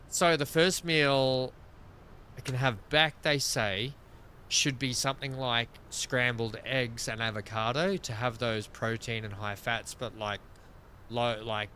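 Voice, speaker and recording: A man's voice: medium pitch, steady tone, slow pace, bright, forceful tone, a little hiss or hum. An Australian man streaming a game, rambling through casual stories and laughing often. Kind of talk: casual chat while gaming.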